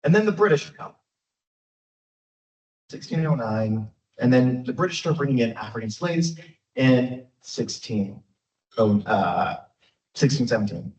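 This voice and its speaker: A man giving a public history lecture as a guest speaker, in a lively, conversational way with frequent fillers. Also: medium pitch, unhurried, pauses often. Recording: echoey, dull, from far off.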